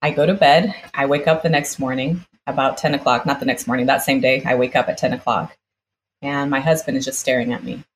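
A woman's voice: rumbling low, steady tone, fairly quick, a little hiss or hum, rough recording. A woman guest telling a personal story vividly, acting out the exchanges she recounts. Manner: vivid retelling, acts out quoted exchanges.

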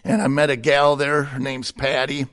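A man's voice: mid-range voice, little pitch movement, normal speed, a bit bright. A middle-aged man giving a personal testimony in conversation, candid and plainspoken, with a chuckle between stories. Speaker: guest sharing his testimony.

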